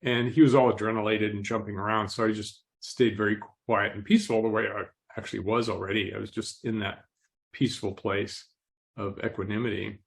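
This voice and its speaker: Speaking fairly quickly in a lowish voice, a man appears as a guest on a podcast interview. He recounts his story calmly and thoughtfully, clears his throat frequently, and seems mildly amused at himself.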